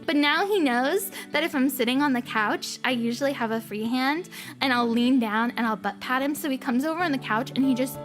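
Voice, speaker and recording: A woman streamer with a high voice chats casually and briskly. Her manner is bubbly, rambling, and playful, and faint music can be heard in the background.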